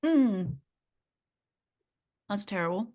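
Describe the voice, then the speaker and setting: A woman's voice: mid-range voice, lively intonation, drawn-out words, dark tone. A woman in casual chat, answering a friend's story with short reactions and dry quips.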